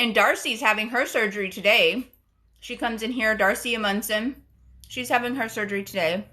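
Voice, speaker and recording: A woman hosts a casual live stream, greeting viewers by name and reading their comments out loud. Her voice is fairly high and bright. She gushes and repeats herself in a bubbly, chatty way. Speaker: live stream and podcast host.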